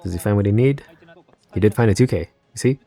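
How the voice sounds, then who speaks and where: Low mellow-voiced man commentating a match. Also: fast. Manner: rambling, thinking aloud, self-correcting, chatty asides. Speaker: card game YouTuber and match commentator. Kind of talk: casual live reaction commentary on a card game match.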